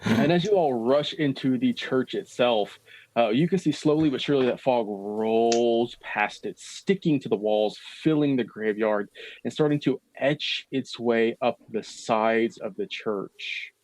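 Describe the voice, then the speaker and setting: A man running a tabletop horror game as dungeon master, describing scenes slowly and with suspense, with casual asides to his players. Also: mid-range voice, a little mellow.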